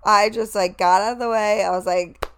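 Against slight background noise, a young woman speaks in a mid-range voice at a moderate pace. Candid and lively, she recounts her workday with plenty of swearing, mimicking the words of others.

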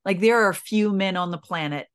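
A woman's voice: mid-range voice, a little fast, smooth. A middle-aged woman, a podcast guest, telling a personal story in an earnest, emotional way, with many restarts.

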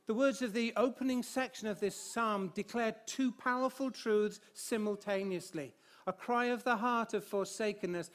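A man preaching a sermon, reading scripture aloud and building to emphatic, expressive phrases. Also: high-pitched, normal speed. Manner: light humor with the congregation, sings hymn lines.

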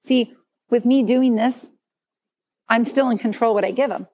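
A woman's voice: fairly high pitch, moderate pace, a little mellow. A middle-aged woman giving a candid, conversational sermon testimony at church. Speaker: speaker at church.

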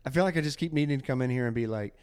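A man hosting a casual faith podcast, talking in an animated, preachy way and often acting out quotes. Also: medium pitch, rapid-fire, clear, resonant tone. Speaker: podcast host.

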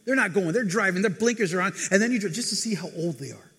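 A man preaching a casual sermon, talking conversationally to the congregation and acting out people's lines in quick asides. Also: high voice, lively intonation, fairly bright tone, a little hiss or hum. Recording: reverberant hall.

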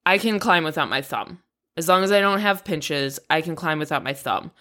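A woman with a slightly low voice gives a casual personal update on her podcast. She talks frankly, with plenty of swearing and rambling asides, and her frustration runs through it. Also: animated, moderate pace, a bit bright. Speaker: podcast host.

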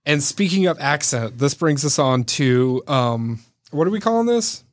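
A man's voice: on the high side, lively intonation, measured pace. A man co-hosting a podcast, chatting casually about movies with jokes and loose tangents. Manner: joking, rambling movie talk. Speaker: podcast co-host. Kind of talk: casual chat.

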